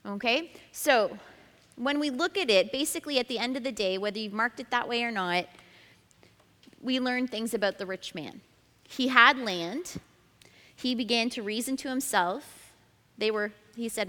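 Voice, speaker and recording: A woman's voice: a little high, measured pace, bright, forceful tone, in a large hall. A woman leading a group Bible study, explaining each step and reading scripture aloud. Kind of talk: teaching a group study session.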